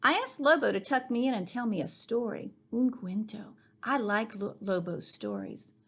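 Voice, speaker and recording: A woman reading a children's picture book aloud in an expressive read-aloud manner. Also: on the high side, moderate pace, slightly rough. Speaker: reader. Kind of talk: storybook reading.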